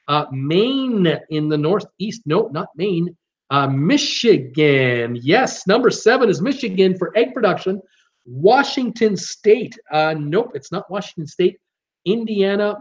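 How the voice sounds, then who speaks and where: Male trivia host, higher-pitched, rattles through viewer guesses with lots of fillers; muffled lo-fi sound. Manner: reads viewer guesses and answers, quick yes-or-no calls with many fillers. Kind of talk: live-stream trivia hosting.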